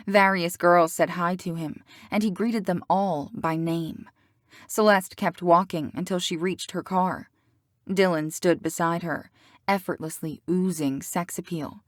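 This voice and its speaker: A woman narrating a romance audiobook in an even, measured reading style. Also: on the low side, dry recording, studio quality.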